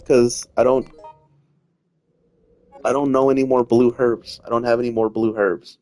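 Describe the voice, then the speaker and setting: A man's voice: mid-range voice, little pitch movement, a little slow, pauses often, a little mellow, no echo. A man giving casual let's-play commentary as he plays, rambling, repeating himself and swearing freely. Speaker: gaming streamer.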